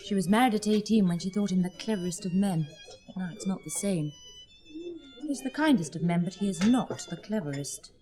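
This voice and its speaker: A woman's voice: mid-range voice, animated, brisk, warm tone, faint music behind, close to an everyday voice. An actress playing an earnest, melancholy young woman of twenty who speaks plaintively, in a 1960s recorded stage drama. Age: 20s. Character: earnest, melancholy twenty-year-old sister.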